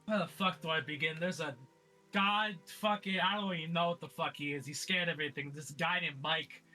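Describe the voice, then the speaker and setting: A brash, hot-tempered brawler with a crude mouth, played by a man in a tabletop game. The voice sits high and bright, and he rambles through long, profane rants. Music plays faintly behind him. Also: steady tone, brisk. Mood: ranting. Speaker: player voicing his character.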